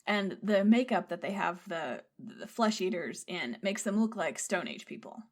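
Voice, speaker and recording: A woman's voice: on the low side, animated, moderate pace. A woman co-hosting a podcast, retelling a film's plot in loose, chatty, profane conversation. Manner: profane, chatty, digressive storytelling. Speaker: podcast co-host. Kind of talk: casual chat retelling a film.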